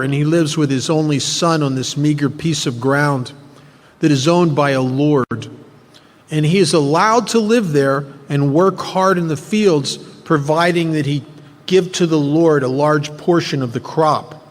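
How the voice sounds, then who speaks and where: A man speaking at a recovery workshop, telling a story earnestly to make a spiritual point. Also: fairly high pitch. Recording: long hall reverb.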